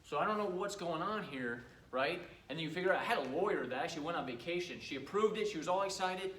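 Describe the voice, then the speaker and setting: A middle-aged man with a somewhat high voice talks shop to a live audience, chatty and anecdotal. He sounds set back from the mic in a reverberant room. A faint hum sits underneath. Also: animated, fast, fairly bright tone, far from the mic. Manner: chatty storyteller who acts out customers' lines. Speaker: cleaning business owner giving a talk. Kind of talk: casual training talk to a live audience.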